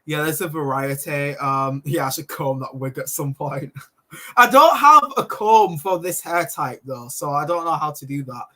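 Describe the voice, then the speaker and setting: A man's voice: fairly high pitch, animated, normal speed, pushed and bright. A man chatting on a livestream, rambling with many hesitations. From Britain. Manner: rambling, full of ums, giggly asides. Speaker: livestream host. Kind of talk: casual livestream chat.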